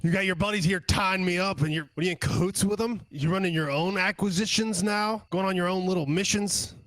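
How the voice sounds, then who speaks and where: A scornful, tied-up hobgoblin spits taunts and rapid questions, as a man puts him on. The voice is pushed high and loud for a tabletop game. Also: dry recording. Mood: taunting. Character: sneering captive male hobgoblin, scornful and shifty.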